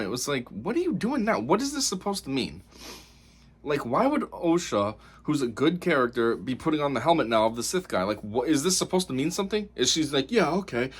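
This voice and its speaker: A man's voice: fairly high pitch, very animated, fairly quick, breathy edge. A man giving a casual spoken review of a TV episode, rambling and exasperated, with lots of fillers.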